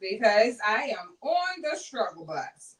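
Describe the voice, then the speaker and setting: A woman's voice: on the high side, big pitch swings, slow. An older woman hosting a live embroidery tutorial, chatty and laughing as she exclaims to herself. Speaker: embroidery channel host. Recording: voice a bit distant from mic.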